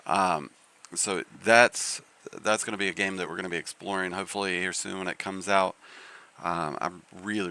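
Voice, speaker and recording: A man's voice: low-pitched, fairly even intonation, normal speed, sharp tone, smooth. A man hosting a live game stream, chatting casually in a rambling way with lots of fillers and restarts.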